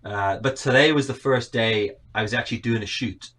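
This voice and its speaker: This podcast guest, a South African man in his thirties with a South African accent mixed with Northern Irish, talks casually over a remote call, rambling through self-deprecating tales. He speaks a little fast in a medium pitch with a fairly bright tone.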